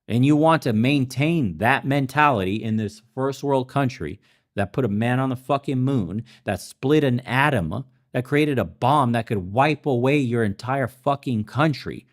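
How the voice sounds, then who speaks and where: Man, podcast host, angry ranting commentary, lots of swearing, mid-pitched voice. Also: a little slow. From immigrant to America. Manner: heated, swearing, laughs at himself. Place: in the Balkans.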